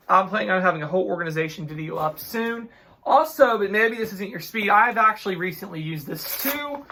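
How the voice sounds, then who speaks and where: A young man in his twenties from Ohio, telling stories in a casual, chatty vlog with animated, exasperated energy. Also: sits high. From Ohio, USA. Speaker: couponing vlogger.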